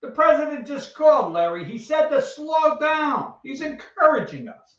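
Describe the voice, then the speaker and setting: A man voicing a bossy mail-room supervisor shouting orders at his crew. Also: very high-pitched, big pitch swings, normal speed, voice pushed up. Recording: echoey, distant, dull sound.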